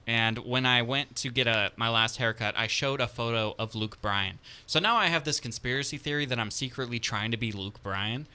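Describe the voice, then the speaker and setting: A man's voice: medium pitch, normal speed, few pauses, bright, forceful tone, clear, resonant tone. A man co-hosting a radio station's chat show, who tells stories in a chatty, enthusiastic way. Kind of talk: casual studio chat.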